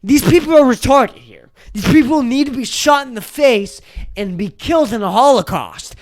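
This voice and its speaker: A young adult podcast host giving an angry, profane rant on a solo episode, sometimes breaking into shouts. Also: sits high, expressive, normal speed.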